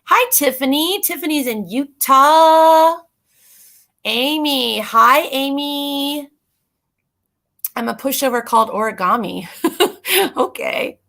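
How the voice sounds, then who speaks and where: A woman's voice: fairly high pitch, creaky, bright, forceful tone. A woman co-hosting a live psychic reading stream, chatty and bubbly, laughing often as she talks to viewers. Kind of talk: casual live-stream chat.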